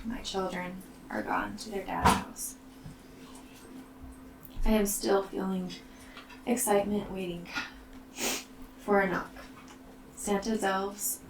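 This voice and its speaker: Woman, personal storyteller; slow, soft, halting delivery with gravel in it; roomy, distant recording. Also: mid-range voice. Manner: slow, soft and halting, often near a whisper. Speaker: mother telling her own story. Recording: roomy, distant mic, faint background noise.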